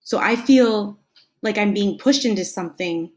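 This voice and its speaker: A woman's voice: mid-range voice, moderate pace, darkish tone. A woman teaching a lesson to children in a patient, friendly way, acting out the example sentences. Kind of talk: classroom lesson talk.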